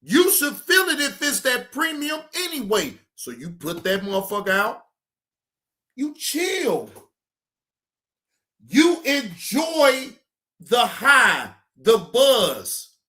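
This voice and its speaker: Profane high-voiced man ranting casually. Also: sing-song, slow, sharp tone. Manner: profane, drawling, emphatic. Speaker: streamer host. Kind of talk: casual live-stream rant.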